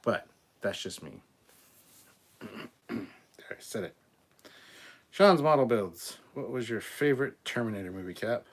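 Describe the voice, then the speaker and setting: A man hosting a live stream, reading out viewer comments and giving blunt, opinionated answers, often clearing his throat and stumbling over words. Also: lowish voice, expressive, a little slow, pauses often. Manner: blunt and opinionated, swears casually. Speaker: host of a live show.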